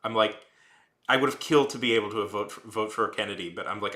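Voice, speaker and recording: Streamer man, 30s, rambling and ranty, sharp bright tone, echoey room. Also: on the low side, fast. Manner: rambling, heavy use of "like", restarts and trails off; heated, ranting. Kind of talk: casual rambling chat while drawing.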